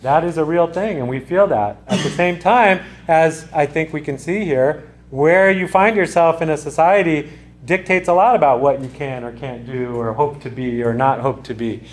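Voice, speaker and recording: Man lecturing, slightly high voice. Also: normal speed. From United States. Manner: conversational, with frequent restarts and asides. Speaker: sociology lecturer. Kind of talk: classroom lecture.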